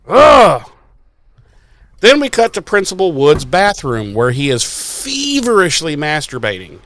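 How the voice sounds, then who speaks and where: A man with a slightly high, bright voice swoops wildly in pitch at a moderate pace, with no echo. Co-hosting a podcast, he recaps a show in crude, exasperated casual chat, acting out the characters' lines.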